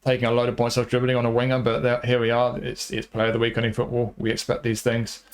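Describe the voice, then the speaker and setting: Fast-talking man reviewing game cards. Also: medium pitch, completely flat delivery. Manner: rambling, repeats himself, many fillers. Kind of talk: casual commentary over gameplay.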